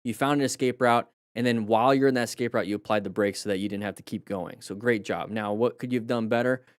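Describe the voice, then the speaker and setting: Commenting casually on motorcycle crash clips in a live stream, this man has a lowish, steady voice and talks fast. He rambles and chats, restarting sentences and using plenty of fillers while coaching the chat with praise and jokes, and the sound is clean, dry, and studio quality.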